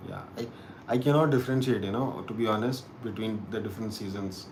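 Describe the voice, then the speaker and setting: A man's voice: on the low side, darkish tone, slight background noise. A man hosting a casual live-stream chat, musing aloud and often restarting his sentences. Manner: halting and musing, with frequent restarts. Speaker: host of a live chat show.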